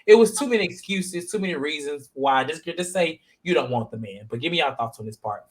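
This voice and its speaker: A man hosting a reality-TV recap with a slightly high-set voice. He talks in loose, slangy bursts and rambles through his points with plenty of fillers. The tone stays casual and conversational. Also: lively intonation, a little fast, few pauses. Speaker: podcast host. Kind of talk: casual reality-TV review chat.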